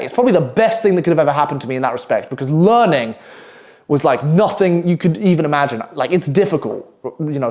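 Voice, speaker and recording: Swearing British man, slightly high voice. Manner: swears often, animated, quick asides. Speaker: copywriter telling a work story. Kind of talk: casual storytelling to camera.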